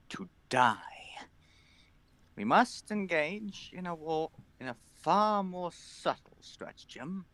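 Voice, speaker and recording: Grim male imperial commander, solemn and measured, as a man reads him out. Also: a little high, fairly bright tone, voice pushed up. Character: stern grim male imperial leader plotting war.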